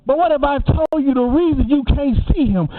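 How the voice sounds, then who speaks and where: A man's voice: very high-pitched, a little fast. A man preaching a funeral sermon in a rhythmic, repetitive cadence. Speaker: eulogist preacher. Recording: tinny, phone-like lo-fi audio.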